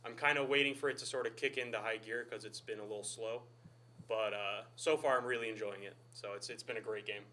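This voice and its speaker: A young man with a bright, forceful voice talks in a casual, easygoing way as a podcast co-host. He sounds enthusiastic as he shares his thoughts. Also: lowish voice, fairly even intonation, quick pace. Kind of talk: casual chat.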